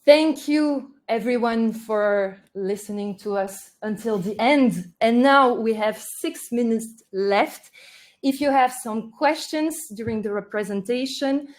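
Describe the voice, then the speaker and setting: A woman presenting a marketing webinar, delivering points in a steady, list-like way. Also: on the high side, slow pace. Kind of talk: presenting a webinar, partly read.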